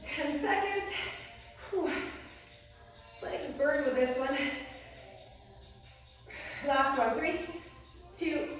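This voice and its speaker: A woman's voice: high-pitched, steady tone, drawn-out words, pauses often. A woman fitness instructor calling short, encouraging exercise cues and counting down reps, out of breath as she works out along with the class. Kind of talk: workout class cueing. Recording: very echoey room, voice from far off. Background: faint music.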